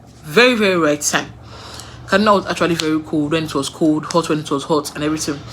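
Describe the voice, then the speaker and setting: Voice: mid-range voice, fairly even intonation, fast talker, fairly bright tone, a little hiss or hum. A young adult with a Nigerian accent tells personal stories in a casual way, repeating words for emphasis and laughing between sentences. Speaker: vlogger.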